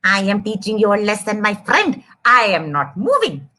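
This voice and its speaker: A woman voicing a stubborn, angry little male mouse in a children's story, speaking low and defiantly. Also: huge pitch swings, normal speed, bright, forceful tone, full character voice.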